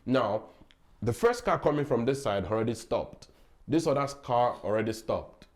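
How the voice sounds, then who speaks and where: A man, a guest on a talk show, telling a story in a lively way, laughing often and stumbling over his words. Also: mid-range voice, moderate pace. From Nigeria. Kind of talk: casual storytelling.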